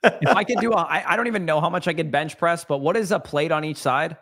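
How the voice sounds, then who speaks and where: Chill young dude cohosting a fantasy stream, dry calm banter, unbothered. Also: male voice, fairly high pitch, fast. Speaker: co-host of a fantasy football livestream. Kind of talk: casual livestream chat.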